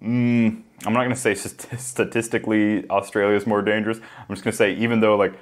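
A man co-hosting a podcast in casual chat, animated and full of fillers. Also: lowish voice, fairly quick. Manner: animated, lots of fillers, mimics voices. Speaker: podcast co-host.

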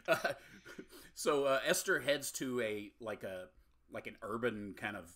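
A man's voice: medium pitch, takes it slowly, long pauses, bright, forceful tone. A man co-hosting a podcast, loosely rambling through a film recap with wry jokes. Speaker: podcast co-host. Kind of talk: casual movie recap chat.

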